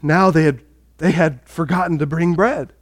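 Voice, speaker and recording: A man preaching a sermon as a pastor, conversational and storytelling, dropping soft when he reads scripture. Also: a little high, steady tone, normal speed.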